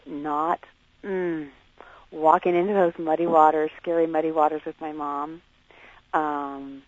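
A woman being interviewed on the radio, talking in a halting, searching way and questioning herself as she reflects. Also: low voice, little pitch movement, no room sound, lo-fi sound. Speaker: interview guest.

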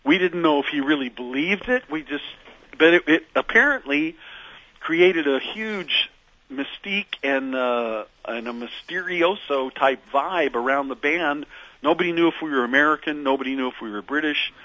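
A man's voice: a little high, expressive, normal speed, sharp tone, no echo, dull audio. A man being interviewed as a musician guest, telling stories in a meandering way with many fillers and restarts. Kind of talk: reflective radio interview storytelling.

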